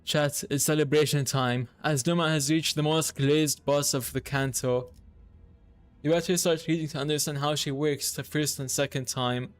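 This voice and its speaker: Excitable streamer man, slightly high voice. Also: normal speed, no room sound. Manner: excitable, thinks aloud, reads game text to chat. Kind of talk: live game commentary. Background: faint game music.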